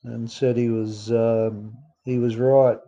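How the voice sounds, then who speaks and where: A man's voice: mid-range voice, little pitch movement, takes it slowly, mellow, dull audio. A man with an Australian accent reading his own memoir aloud in a plain storytelling way, with some fillers and restarts. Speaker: memoir narrator.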